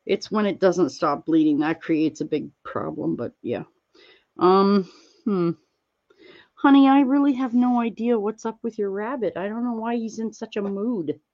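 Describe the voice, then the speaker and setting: A woman streaming, chatting casually with viewers while she crafts, rambling and gently reassuring them with lots of fillers. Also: medium pitch, unhurried, muffled recording. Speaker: livestreamer answering chat.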